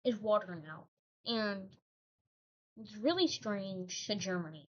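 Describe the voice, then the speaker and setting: A woman's voice: medium pitch, expressive, takes it slowly. A woman host telling a made-up history story in a casual, rambling way, breaking off into joking asides. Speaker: channel host. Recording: dull lo-fi recording.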